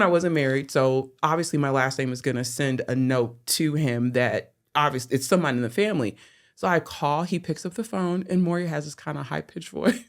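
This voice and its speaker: A woman genealogist, a podcast guest, telling a family story in lively conversation, quoting others and saying "like" often. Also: lowish voice. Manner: animated, full of "like" and quoted dialogue.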